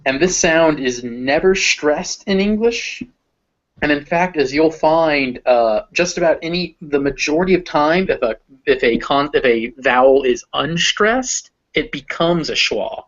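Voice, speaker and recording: A man's voice: a little high, lively intonation, measured pace, a bit bright, dull audio. A man with a Southern American accent teaching English pronunciation, patiently modeling vowel sounds for a learner. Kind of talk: explaining phonetics to a learner.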